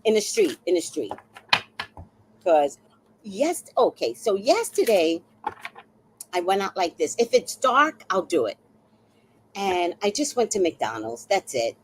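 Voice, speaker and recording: A woman's voice: mid-range voice, unhurried, pauses often, a little hiss or hum, rough recording. A woman in her sixties hosting a live stream, chatting casually and telling stories with laughter and the odd swear word. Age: 60s. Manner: animated, laughing storyteller who swears casually. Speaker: livestream host.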